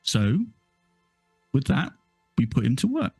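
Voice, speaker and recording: Scheming old elder, creaky and contemptuous, as a game master puts him on, in a dry room with faint music behind. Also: male voice, mid-range voice, huge pitch swings, mellow, dry recording, heavily acted. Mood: gloating. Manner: slow, gloating, contemptuous. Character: scheming old male village elder, menacing and condescending.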